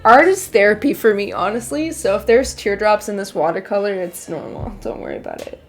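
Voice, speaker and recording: A woman's voice: medium pitch, very animated, brisk, faint music behind. A young woman streamer chatting candidly and emotionally with her viewers as she paints. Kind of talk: casual livestream chat.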